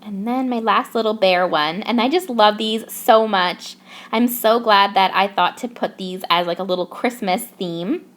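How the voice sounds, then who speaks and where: A woman's voice: medium pitch, moderate pace, a bit bright. A young woman from Canada narrating her craft process in a bubbly, gushing way. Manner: bubbly, gushing over cute details. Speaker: craft YouTuber.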